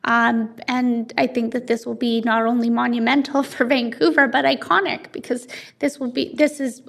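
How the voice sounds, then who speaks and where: A woman's voice: fairly high pitch, level tone, moderate pace, vocal fry, a bit bright. A woman in her thirties with a Canadian accent, a city councillor speaking earnestly at a council meeting with many fillers and restarts.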